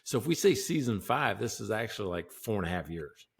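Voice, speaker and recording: Male podcast co-host, lowish voice, animated and jokey, laughs a lot. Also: brisk, vocal fry, husky. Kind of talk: casual podcast chat.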